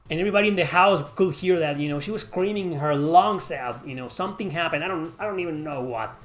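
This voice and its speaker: A man's voice: a little high, a little fast, fairly bright tone, faint music behind. A man casually answering chat questions on a livestream, rambling and swearing freely.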